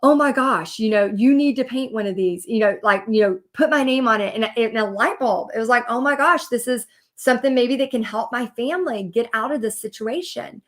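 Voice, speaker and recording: A woman's voice: a little high, brisk, hardly any pauses. A woman, a business coach telling her story in a chatty live video with lots of fillers. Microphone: computer or phone mic on a live video.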